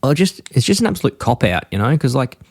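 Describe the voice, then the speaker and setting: A man co-hosting a casual chat podcast, rambling through his points and now and then jumping into a high voice to act out lines. His voice sits at an ordinary pitch, recorded very dry with no room sound at all. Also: sing-song, fast, darkish tone, slightly rough, dry recording. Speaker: podcast co-host.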